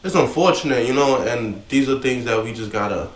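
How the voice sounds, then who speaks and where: A man's voice: mid-range voice, brisk, a crowd in the background. Laid-back man heard distantly in a roomy hall. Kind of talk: casual chat. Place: large church building. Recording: roomy, distant mic, faint background noise.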